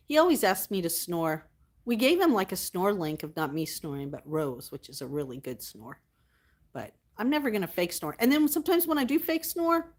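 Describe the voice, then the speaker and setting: A woman hosting her livestream, chatting casually with viewers, reading their comments aloud and thanking them warmly. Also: on the low side. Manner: affectionate, thanks viewers often. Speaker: livestream host.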